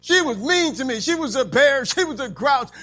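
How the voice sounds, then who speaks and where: A preacher imitating a spouse who whines to God about their partner. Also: male voice, very high voice, lively intonation, normal speed, pushed and bright, faint music behind, pitched above the performer's own voice, full character voice. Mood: whining. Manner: whiny, complaining. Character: whining spouse complaining to God.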